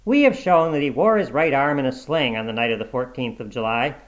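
A man reading aloud and voicing a forceful courtroom attorney who declaims emphatically. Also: medium pitch, expressive, a little fast, natural voice. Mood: emphatic.

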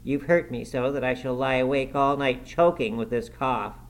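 A man's voice: mid-range voice, moderate pace, voice pushed up, close to an everyday voice. A man voicing a sickly, spiteful boy who whines, taunts and whimpers in a raised voice. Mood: whimpering.

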